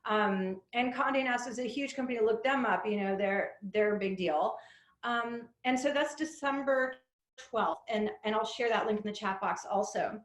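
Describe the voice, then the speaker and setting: Woman webinar host, slightly high voice, chatty and upbeat, echoey room sound. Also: moderate pace. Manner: chatty, upbeat, many "um" fillers. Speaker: head of community, webinar host.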